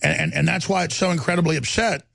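Middle-aged male radio host, very gravelly and husky, rambling heated monologue, dry close mic. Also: a little high, quick pace, fairly bright tone, dry recording. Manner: rambling, stammering, voice jumps when riled. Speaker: radio talk show host.

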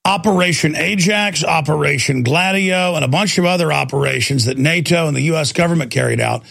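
A man's voice: fairly high pitch, a little fast, gravelly, fairly bright tone, no echo. A man hosting a talk radio show, ranting in an impassioned, sarcastic monologue from a studio.

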